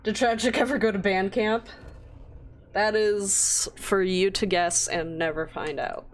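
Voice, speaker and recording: A young woman, co-hosting a game livestream in casual chat and often pitching up at the ends of her sentences. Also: steady tone, unhurried. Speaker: co-host reading chat.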